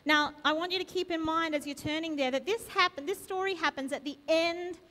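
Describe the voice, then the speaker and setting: A woman with a high voice delivers a sermon to her congregation. She leans on repeated questions to draw the listeners in. Her voice carries a long reverb from the church hall around her. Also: fairly even intonation, fairly quick, bright, forceful tone. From Australia. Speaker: preacher. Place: church sanctuary.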